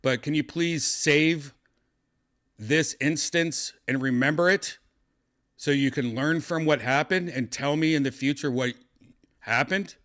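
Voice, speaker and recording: A man hosting a podcast, chatting casually in a rambling, halting way with crude asides. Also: on the high side, fairly bright tone. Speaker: podcast host. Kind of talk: casual chat.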